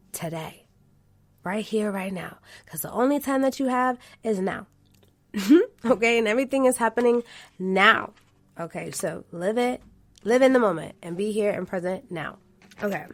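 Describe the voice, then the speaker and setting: A woman's voice: medium pitch, unhurried, no room sound. A young adult woman hosting a spiritual self-help podcast, coaching listeners in an affirming tone and often checking in with "okay" and "right". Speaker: podcast host.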